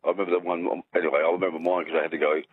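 A deep-voiced Australian man rambles and jokes as a phone-in caller, restarting his sentences often. His husky voice comes through a tinny, dry phone line. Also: level tone, very fast, no echo. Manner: rambling, jokey, restarts a lot.

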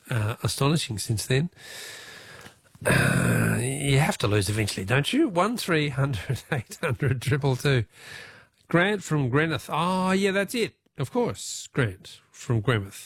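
A man's voice: mid-range voice, sing-song, slow, gravelly, husky, no echo. An Australian man hosting a talkback radio quiz, chatty and chuckling as he reads out listener texts.

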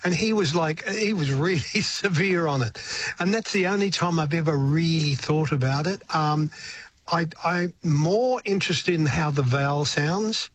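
An older man with an Australian accent speaks as a guest on a radio show. His voice sits a bit higher than usual, and he talks in a loose, relaxed way, laughing softly and circling back on his words. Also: unhurried, a little hiss or hum. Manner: relaxed, chuckling, hesitant restarts. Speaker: interview guest, singer. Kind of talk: casual radio interview chat.

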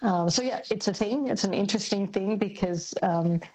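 An Australian woman speaking as a linguist on a radio talk show, thoughtful and hesitant with many pauses and ums. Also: medium pitch, darkish tone, breathy edge. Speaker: linguist guest. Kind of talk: radio interview.

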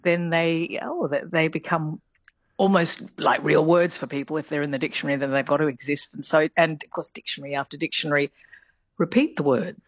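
A woman's voice: low-pitched, fairly even intonation, brisk, dry recording, highs cut off. A woman, a linguistics professor, explains words on a radio show in a chatty way, with fillers and little laughs. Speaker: linguistics professor, guest expert.

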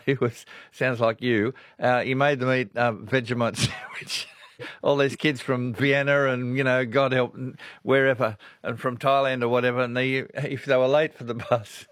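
A man's voice: mid-range voice, a bit bright, no echo. An older Australian man hosting a casual talkback radio show, chatty and rambling, laughing often. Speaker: radio host. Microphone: studio microphone.

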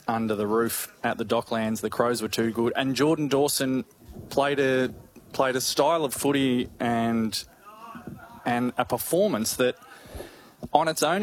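An Australian man co-hosting a sports radio show, talking casually with lots of restarts and amused asides into a studio mic. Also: mid-range voice. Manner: rambling, self-deprecating, many restarts and chuckles. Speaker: radio co-host.

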